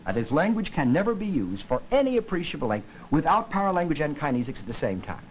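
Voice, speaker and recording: A man lectures with animated, sweeping intonation, showing off how his voice rises and falls. His voice sits a little high for a man. Faint hiss of an old broadcast runs underneath. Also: fast talker, rough recording. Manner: lively, demonstrates intonation with his own voice. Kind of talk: televised linguistics lecture.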